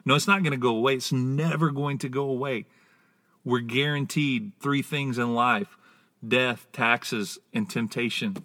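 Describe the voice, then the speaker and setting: A man preaching a sermon, teaching in a deliberate, emphatic way and stretching out key words for stress. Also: medium pitch, pushed and bright.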